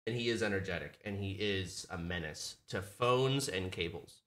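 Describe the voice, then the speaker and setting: A man streaming from his desk, talking casually and swearing now and then, slipping into high baby talk with a puppy. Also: normal speed, fairly bright tone. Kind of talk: casual live-stream chat.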